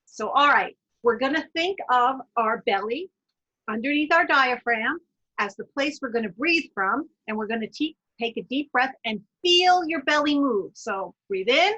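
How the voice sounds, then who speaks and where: Bright, husky woman leading laughter yoga. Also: high-pitched, lively intonation, moderate pace. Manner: encouraging, chatty, bursts into loud chanted laugh sounds. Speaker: wellness presenter. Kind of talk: guided laughter yoga lesson. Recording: dull lo-fi online talk audio.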